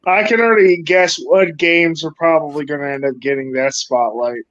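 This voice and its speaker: A man's voice: a little high, steady tone, normal speed, fairly bright tone, no echo. Dry-voiced man on a muffled mic. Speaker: co-host. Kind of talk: casual live-stream chat.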